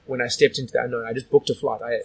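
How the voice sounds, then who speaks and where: A man's voice: medium pitch, little pitch movement, racing, gravelly, a bit bright, husky, low-quality recording. A man from Australia telling stories as a guest in a casual interview, rambling with lots of "like" and "you know".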